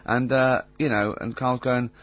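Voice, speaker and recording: A male radio host with a bright, forward voice, chatting casually and telling stories with amusement. He teases his co-hosts as he goes. The sound is slightly dull and lo-fi, like an old radio recording. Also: mid-range voice, steady tone, measured pace, dry recording. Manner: anecdotal, amused, teasing.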